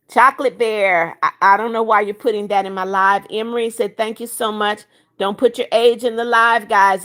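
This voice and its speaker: A medium-pitched, slightly bright female voice belongs to a livestream host aged seventy-one. She chats her way through viewers' comments, reading each aloud and answering the commenter by name.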